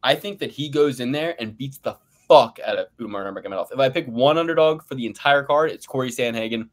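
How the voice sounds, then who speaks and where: A man co-hosting a podcast, ranting loudly and boastfully with big swings in pace and pitch and frequent laughter. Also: fast talker. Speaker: podcast co-host. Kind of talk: profane ranting fight predictions.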